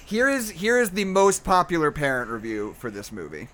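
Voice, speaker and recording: A woman's voice: deep voice, sing-song, normal speed, fairly bright tone. A woman co-hosting a casual movie podcast, swearing freely and reading reviews aloud to her friends. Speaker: podcast co-host.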